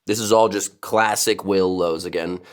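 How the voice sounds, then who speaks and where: A man's voice: low voice, steady tone, moderate pace, over loud music. A man casually explaining his vocal techniques, breaking off to demonstrate growls, gutturals and shrieking screams.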